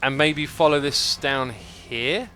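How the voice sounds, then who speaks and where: A slightly high-voiced man takes his time, his tone sharp, with soft background music. On his livestream he plays a building game, keeping the chat casual, thinking out loud as he works, and voicing viewer messages as he goes.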